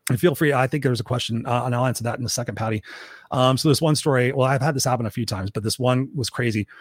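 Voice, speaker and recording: A man's voice: medium pitch, fast, dry recording, clean studio sound. A man hosting a solo livestream, telling candid, profane stories with lots of fillers and restarts. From Southern California. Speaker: host. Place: room at home.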